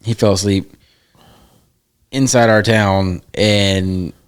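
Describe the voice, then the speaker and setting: A man's voice: fairly low pitch, steady tone, slow pace, clear, resonant tone. A man co-hosting a podcast in casual chat, laid-back, laughing along and repeating his co-host's punchlines. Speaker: podcast co-host.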